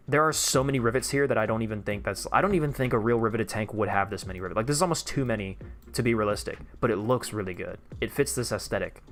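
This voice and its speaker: A young man hosting a live stream, chatting casually and getting excited as he reacts to what he sees. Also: on the low side. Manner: excitable, chatty, reads chat aloud. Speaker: livestream host. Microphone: desk microphone.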